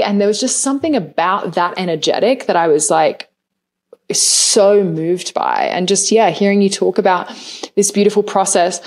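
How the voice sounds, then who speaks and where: A woman hosting a podcast, emotional and expressive, who laughs often and lets the odd swear slip. Her voice sits at a plain middle pitch and her delivery is casual and heartfelt. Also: moderate pace. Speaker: podcast host. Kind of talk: podcast interview.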